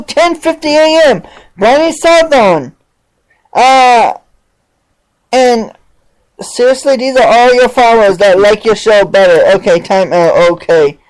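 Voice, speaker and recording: A man's voice: extremely high pitch, low-quality recording. A male podcast host ranting in a mocking, sarcastic way, over and over asking "seriously". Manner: sarcastic, keeps saying "seriously".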